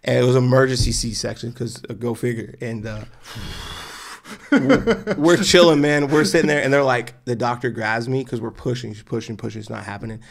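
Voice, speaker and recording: A man's voice: mid-range voice, fairly quick, vocal fry, hardly any pauses. A man in his forties, a podcast guest, telling an emotional personal story with earnest feeling and acting out the voices of the people in it. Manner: animated, acts out the voices of people in his stories.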